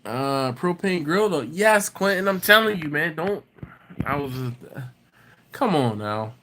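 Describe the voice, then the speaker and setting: With an unhurried voice on the high side and slight background noise, this barbecue live streamer reads comments aloud and kids around with viewers, greeting each by name. He's based around Baltimore, though not originally from there, and his manner is lively and jokey.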